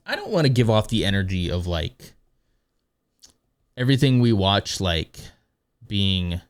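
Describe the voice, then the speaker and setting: A man with a fairly low but lively voice rambles through a live stream, talking loosely and backtracking mid-sentence as he reacts to videos and chat. His pitch swings up and down a lot, and he sits close to the mic in a dry, dead-sounding room. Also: dry recording. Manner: rambling, self-correcting, reads chat aloud.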